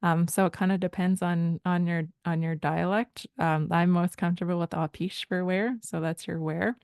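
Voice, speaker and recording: A woman from Rama First Nation in Canada explaining language points in a thoughtful, hesitant way, often pausing to search for words. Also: fairly low pitch, fairly even intonation, vocal fry, darkish tone, clean tone, no echo. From Rama First Nation, Ontario, Canada. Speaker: language teacher.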